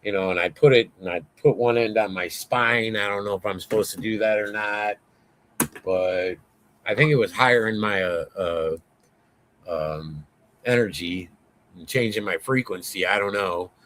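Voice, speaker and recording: A man guesting on an interview, telling a story in a rambling, excitable way, full of swearing and fillers. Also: on the low side, normal speed, slight background noise. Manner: rambling, profane, lots of fillers; excitable, voice rising as he tells it.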